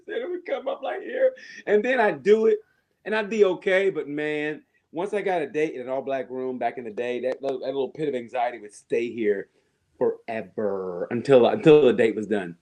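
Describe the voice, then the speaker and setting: A man who works as a stand-up comedian, telling stories in casual podcast chat, animated, laughing often and swearing freely. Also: medium pitch, normal speed.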